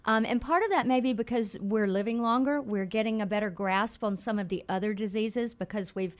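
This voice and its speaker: A woman with a Mississippi accent, a nonprofit executive explaining things clearly as a radio guest. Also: medium pitch, fairly quick. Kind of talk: radio interview.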